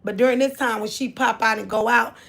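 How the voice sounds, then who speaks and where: A woman's voice: on the high side, steady tone, a little fast, vocal fry, fairly bright tone. A woman hosting a casual livestream, rambling through a story and chatting with her viewers as she goes. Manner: rambling, repeats herself, chats with viewers. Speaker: livestream host.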